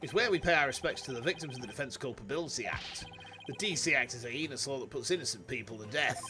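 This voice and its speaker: A man's voice: medium pitch, lively intonation, fast, over music, pitched below the performer's own voice, lightly acted. English man voicing a laid-back rebel leader. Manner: reading game dialogue aloud.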